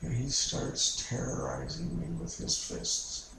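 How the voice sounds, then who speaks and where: Man, gravelly, emotionally raw, cursing, very echoey room, background noise. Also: mid-range voice, slow pace, sharp tone. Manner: raw, profane, emotionally charged. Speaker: therapy client. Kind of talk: recounting a memory in a therapy session.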